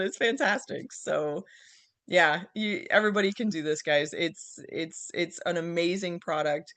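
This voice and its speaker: A woman gushing with thanks on a video call, laughing often and rushing her words. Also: fairly low pitch, a bit bright, dry recording. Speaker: guest sharing her success. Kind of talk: casual video call chat.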